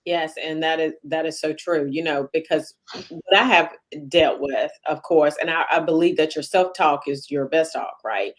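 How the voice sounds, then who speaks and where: A woman's voice: deep voice, normal speed. Woman host, encouraging interviewer, supportive and conversational. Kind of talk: interview hosting.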